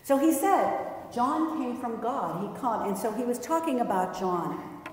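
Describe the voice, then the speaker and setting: A woman's voice: a little high, lively intonation, measured pace, a little hiss or hum. A woman pastor delivering a sermon in a conversational, lightly humorous storytelling way. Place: church sanctuary. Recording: echoey church hall.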